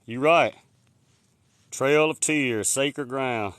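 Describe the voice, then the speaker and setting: A man's voice: mid-range voice, extremely slow, fairly bright tone, dry recording. A man, live-streaming from the woods on a handheld phone, rambling folksily and answering viewer comments. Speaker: livestreamer. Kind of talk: casual live-stream chat. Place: outdoors in the woods. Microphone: phone held in hand.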